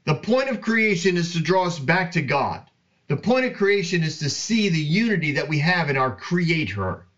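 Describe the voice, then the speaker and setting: A man's voice: a little high, normal speed, dull audio. A man teaching the Bible in a casual, earnest talk, reading verses aloud. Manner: earnest and animated, reads scripture aloud.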